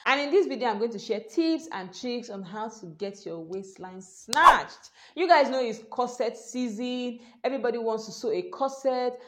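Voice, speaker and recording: A young woman hosting a sewing tutorial, talking in a hushed, soft voice so she won't wake her baby. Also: medium pitch. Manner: hushed, soft-spoken to avoid waking a baby. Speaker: sewing tutor and channel host.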